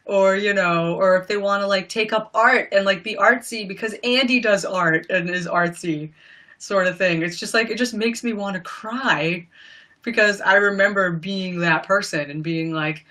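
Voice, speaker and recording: A woman's voice: mid-range voice, moderate pace, sharp tone. A young woman chatting casually on a live stream, gushing and rambling with lots of "like" and "you know.". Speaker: livestreamer.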